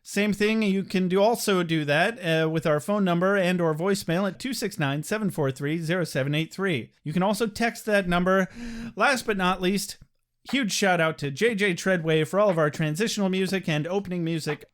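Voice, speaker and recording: A man's voice: sits high, moderate pace, fairly bright tone. A man co-hosting a podcast, chatting casually, joking and laughing often. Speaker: podcast co-host. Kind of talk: casual chat.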